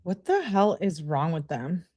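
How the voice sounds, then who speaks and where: A woman's voice: on the low side, big pitch swings, a little slow, mellow. Giggly, flustered woman streamer. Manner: giggly and flustered, laughs often. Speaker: streamer host. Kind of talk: casual livestream reading.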